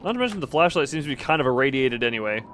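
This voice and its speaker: A man's voice: medium pitch, big pitch swings, very fast, fairly bright tone, slight background noise. A man streaming a horror game, giving rambling, jokey, self-mocking commentary as he plays. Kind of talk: casual gameplay commentary.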